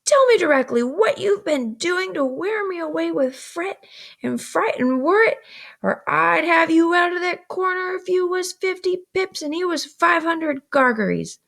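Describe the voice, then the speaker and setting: Woman putting on a shrill scolding older sister. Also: lively intonation, unhurried, vocal fry, a bit bright, exaggerated voice.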